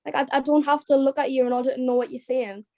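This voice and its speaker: A woman's voice: high voice, little pitch movement, fast talker, darkish tone, no room sound. A young British woman chatting casually, with lots of filler "likes". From United Kingdom. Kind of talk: casual group chat.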